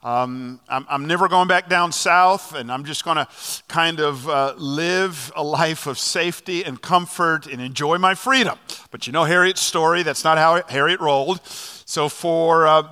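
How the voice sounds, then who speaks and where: Pastor mid-sermon, a man with a bright, forceful voice and animated storytelling, echoing through a big church. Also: fairly high pitch. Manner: animated storytelling with fillers and restarts. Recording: long hall reverb.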